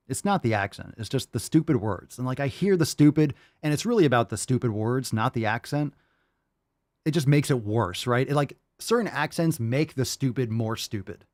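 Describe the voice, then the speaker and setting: A man's voice: medium pitch, dry recording, studio quality. Profane, ranting male podcast host. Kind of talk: livestream reaction commentary.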